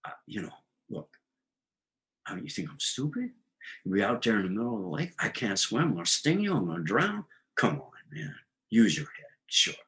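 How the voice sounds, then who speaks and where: A man's voice: on the low side, wildly swooping pitch, moderate pace, pauses often, fairly bright tone, exaggerated voice. A man voicing a sly male scorpion in a told fable, talking in a coaxing, persuasive way.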